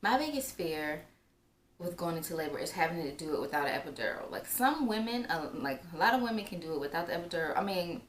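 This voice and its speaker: A woman's voice: on the low side, lively intonation, fast talker. A young woman telling a personal story in a casual, chatty way, with lots of filler words. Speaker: vlogger. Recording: roomy echo, faint background noise.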